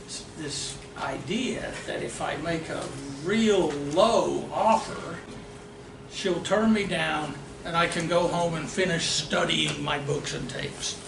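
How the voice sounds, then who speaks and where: High-voiced man telling stories at a seminar. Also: slow. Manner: animated, laughing storyteller. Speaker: real estate investing trainer. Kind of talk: storytelling seminar talk. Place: meeting room of an investors' association. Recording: roomy hall, distant mic, background noise.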